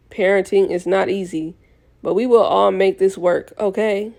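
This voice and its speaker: A woman's voice: mid-range voice, dark tone. A young woman reading a novel aloud in a casual way, often correcting herself and restarting lines. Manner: reads with frequent self-corrections and restarts. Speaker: audiobook reader.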